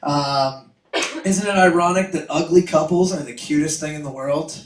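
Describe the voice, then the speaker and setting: A young man works through a stand-up set, self-deprecating and chuckling at his own lines. His voice sits a little high and reaches the mic from a distance. The small club around him sounds echoey and roomy. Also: normal speed. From Boston. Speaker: stand-up comedian. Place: small comedy club stage. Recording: echoey club, far mic, some noise.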